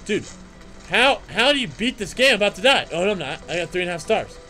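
An excitable young man commentating a video game, his voice leaping up and down as he trash-talks enemies and chants silly rhymes. He talks a bit high for a guy, and faint music runs underneath. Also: fast. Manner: excitable, trash-talking, jokey asides, sing-song chanting. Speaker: gaming channel host. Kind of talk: let's play commentary.

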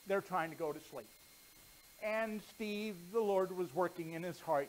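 A man pastor telling a children's story with lively storytelling before earnest preaching. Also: sits high, unhurried, slight background noise, rough recording.

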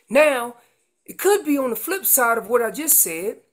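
A woman teaching elk calling in a seminar with slides. She explains with everyday comparisons and breaks into loud acted voices of calves and parents. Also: fairly high pitch, big pitch swings, measured pace.

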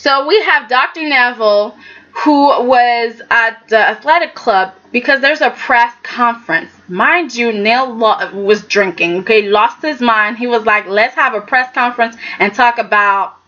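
Sassy woman doing a soap recap, bright sharp voice, kinda muffled lo-fi audio. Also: a little high, a little slow. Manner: animated, sassy, acts out characters' lines. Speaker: soap opera recap vlogger. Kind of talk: casual recap chat.

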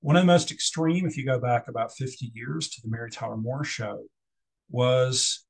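A man's voice: mid-range voice, moderate pace, gravelly, slightly rough, low-quality recording. A middle-aged man presenting a business etiquette workshop in a casual, conversational lecture style with frequent ums.

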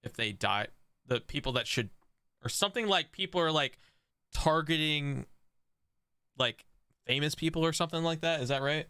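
A young man streaming an online strategy game, reacting excitedly to chat and laughing at other players. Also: fairly high pitch, normal speed, long pauses, clean tone, dry recording. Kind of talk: live game stream commentary.

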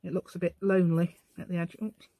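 This tired middle-aged Englishwoman runs a casual crafting tutorial at home, chatting away and rambling to herself mid-task. Her fairly low, dark voice moves fast and stays fairly flat in pitch.

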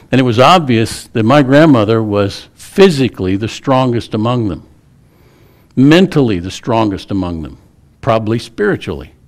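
A man's voice: lowish voice, darkish tone. A middle-aged man, a pastor preaching a sermon in a church, telling stories in a folksy, humorous way. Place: church sanctuary.

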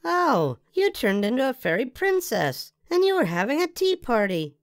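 A woman voicing an excitable little girl with a big imagination, reading with a theatrical, sing-song manner. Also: high-pitched, moderate pace, dry recording, studio quality. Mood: playful.

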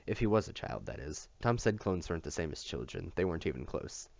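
Male audiobook reader, expressive with small slips, low voice, lo-fi dry sound. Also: a little fast, vocal fry, no echo. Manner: expressive, occasional slips and rereads. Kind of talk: reading a novel aloud. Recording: dull lo-fi dry recording.

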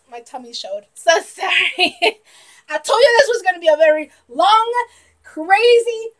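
A young woman reacting to a movie trailer in a giggly, excitable way, bursting into shouts of delight. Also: extremely high pitch, a little slow.

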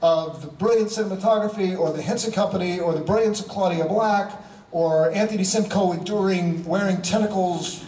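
A middle-aged man telling stories to fans on a convention panel, animated and emphatic, repeating phrases for effect. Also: sits high, brisk. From United States. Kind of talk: storytelling to a fan audience. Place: convention hall. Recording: echoey hall, heard from far off.

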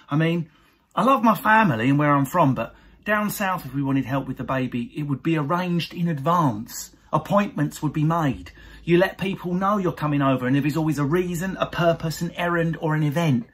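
Husky-voiced man doing lively stand-up. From Essex, England. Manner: animated, jumps into high mocking voices of others. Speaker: stand-up comedian. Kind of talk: stand-up routine recorded to camera.

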